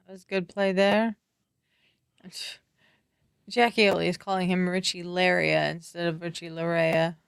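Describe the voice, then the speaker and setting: A woman's voice: lowish voice, level tone, a little slow, gravelly, long pauses, clean tone, no room sound, studio quality. A woman co-hosting a live watchalong, giving short replies and brief opinions in casual chat. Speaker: co-host.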